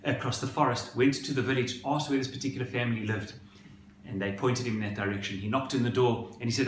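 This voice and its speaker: A male rabbi delivers a sermon and tells its story in an expressive, dramatic manner. His voice sits at an ordinary pitch. The recording has a roomy echo and a faint background hiss. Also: a little fast.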